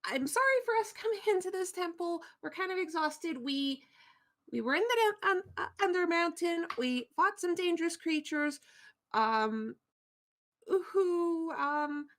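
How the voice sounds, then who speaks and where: A woman's voice: extremely high pitch, animated, measured pace, fairly bright tone, voice pushed up, exaggerated voice. A woman voicing an exhausted young woman adventurer who rambles through flustered apologies. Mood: apologetic.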